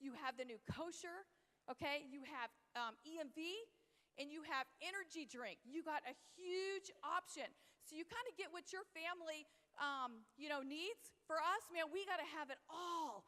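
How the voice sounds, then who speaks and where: A woman giving an energetic, enthusiastic motivational speech on stage, repeating her catchphrases. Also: high voice, moderate pace. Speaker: motivational business speaker. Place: large convention hall. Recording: long reverb of a big hall. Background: hall reverb.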